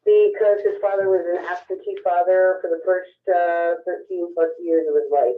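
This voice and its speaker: A woman's voice: on the low side, fairly even intonation, moderate pace. A woman caller answering a psychic's questions, hesitant, with many ums. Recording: tinny phone line.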